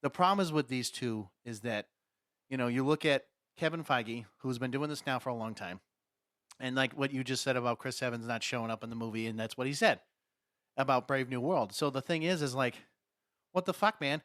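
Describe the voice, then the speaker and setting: A man co-hosting a casual podcast, loud and excitable, swearing often. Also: medium pitch, fairly quick, no room sound, studio quality. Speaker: podcast co-host.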